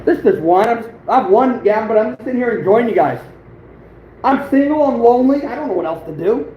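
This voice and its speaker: Male livestream host, high voice, boastful rambling chatter with frequent chuckles, recorded in a roomy space over faint background noise. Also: lively intonation, a little fast, dull audio. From United States. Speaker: outdoors channel host, livestreaming. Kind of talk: casual livestream chat.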